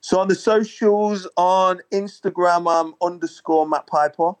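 A man chatting casually as a podcast guest, relaxed and easygoing. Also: sits high, a little slow, slight background noise.

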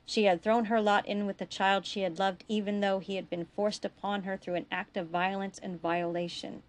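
A woman reading her own fiction aloud in a steady, expressive storytelling voice. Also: medium pitch, moderate pace.

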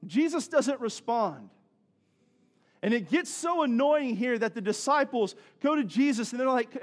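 A man's voice: very high-pitched, expressive, unhurried. A male pastor giving a sermon in a conversational way, with joking asides and questions to the congregation.

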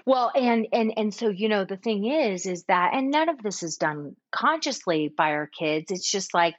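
A woman coaching on parenting in casual conversation, animated, often acting out what a parent says to the children. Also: mid-range voice, normal speed, hardly any pauses, dry recording. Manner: animated, acts out soothing parent dialogue. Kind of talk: conversational advice. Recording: slightly dull, dry recording.

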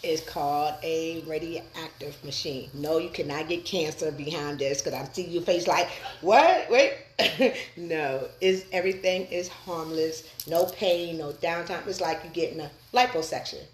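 Easygoing low-voiced woman guest. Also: steady tone, moderate pace, hardly any pauses, roomy sound, slight background noise, poor audio. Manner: laughing, easygoing and chatty. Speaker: guest, massage therapist and business owner. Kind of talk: casual podcast interview.

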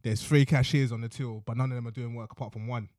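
A young man telling a story in casual chat, lively and slangy, often tagging lines with "innit". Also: mid-range voice, quick pace, no room sound, clean studio sound. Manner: animated, slangy, repeats "innit" and "you know what I mean".

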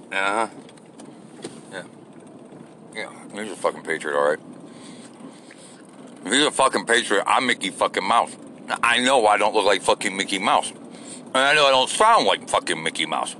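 This podcast host's voice is fairly low, expressive and pushed bright, keeping a moderate pace broken by long pauses. He's outside, with slight noise behind him, delivering a profane, improvised rant full of sarcasm and constant cursing.

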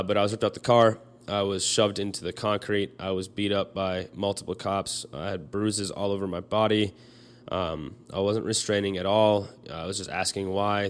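A young man telling a personal story in a halting way, full of fillers and restarts, choked up as he speaks. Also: fairly low pitch, clear, resonant tone.

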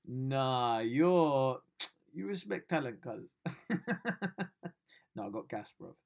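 Excitable man, slangy and swearing. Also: medium pitch, slow, vocal fry, muffled recording. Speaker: comedian vlogger. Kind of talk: casual lockdown video diary.

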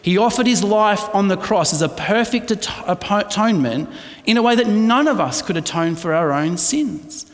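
Pastor preaching in a reverberant hall. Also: male voice, sits high, animated, moderate pace. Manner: conversational, asks the congregation "right?" often. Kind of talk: sermon.

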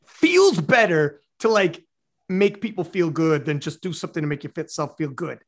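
A man with a high voice chatting on a podcast. He is excitable and slangy and swears freely. His talk runs loose and casual. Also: moderate pace. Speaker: podcast guest. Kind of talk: casual chat.

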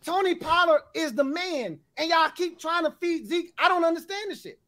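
A man arguing football in a heated sports debate, animated and laughing while he talks over the others. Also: very high-pitched, normal speed.

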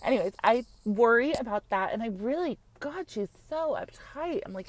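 A woman's voice: fairly high pitch, expressive, normal speed, few pauses. A woman giving a casual, gossipy recap of a reality show, frank and chatty, peppering her talk with "like" and the odd swear. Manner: chatty, frank, heavy use of "like", swears freely.

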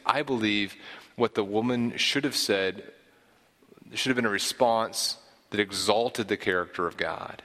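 A man's voice: fairly low pitch, unhurried, a bit bright, long reverb tail. A man preaching a sermon, explaining scripture earnestly and often repeating a word as he gathers his thought.

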